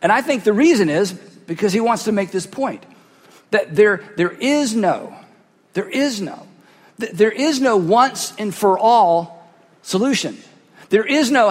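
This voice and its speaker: A male pastor delivers an emphatic sermon, hammering his points home by repeating phrases. His voice sits notably high for a man. The sound carries a long reverb from a big church hall. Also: animated, unhurried. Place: church sanctuary. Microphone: cheek microphone.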